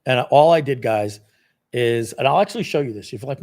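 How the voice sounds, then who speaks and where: A man hosting a live product launch stream, walking viewers through a software demo in a casual, rambling, self-deprecating way with lots of fillers. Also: medium pitch, animated, fast talker, vocal fry.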